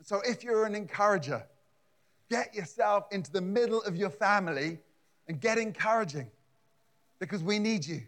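A man's voice: high-pitched, animated, normal speed, fairly bright tone. A man preaching a conversational sermon in a church, often repeating words and adding asides. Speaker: pastor.

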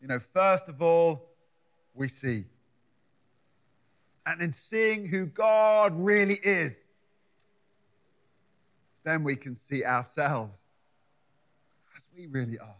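A man's voice: a little high, expressive, slow pace, pauses often, fairly bright tone. A man preaching a sermon, building his points with emphatic repeated words. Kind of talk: sermon with scripture reading.

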